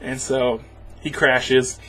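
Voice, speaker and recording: A man's voice: medium pitch, little pitch movement, extremely slow, pushed and bright, husky. A man giving a rambling, sarcastic spoken movie review, chuckling as he goes. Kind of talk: casual spoken film review.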